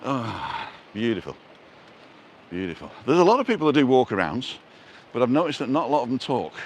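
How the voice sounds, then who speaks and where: A man strolls outdoors chatting into his handheld phone for a live stream. His voice sits at an ordinary middle pitch, and he keeps up a steady patter of puns and self-mocking asides while faint traffic passes behind him. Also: a little fast. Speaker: vlogger and live-stream host. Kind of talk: casual walking live-stream chat. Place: outdoors, walking along a street in a seaside resort. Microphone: handheld phone camera.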